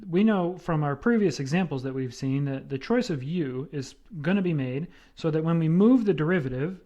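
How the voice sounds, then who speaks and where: Guy teaching a math lecture, kinda higher voice, mellow, says "right?" a lot, slightly muffled audio. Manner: explanatory, repeats with "right?" and fillers.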